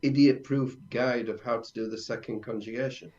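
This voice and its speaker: A man's voice: medium pitch, steady tone, moderate pace, a little mellow, muffled recording. A man co-hosting a language podcast as the learner, reading out phrases and asking questions about pronunciation. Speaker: co-host learning Italian. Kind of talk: casual language podcast chat.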